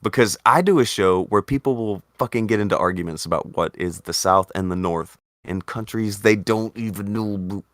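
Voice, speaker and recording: A man hosting a casual talk show, animated and swearing, his voice jumping up when he argues. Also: normal speed, hardly any pauses, no echo, studio quality. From Indiana. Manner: animated, swearing, jumps up in pitch when arguing. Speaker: podcast host. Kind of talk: casual chat.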